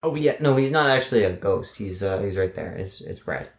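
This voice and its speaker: A man playing a tabletop game, laid-back and quick to laugh. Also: on the low side, lively intonation, echoey room. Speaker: player.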